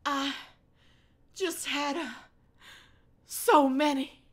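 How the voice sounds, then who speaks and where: A woman's voice: high voice, lively intonation, slow pace, sharp tone, voice pushed up, heavily acted. A woman putting on the raised, overly sweet voice of an eager teenage girl. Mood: uneasy.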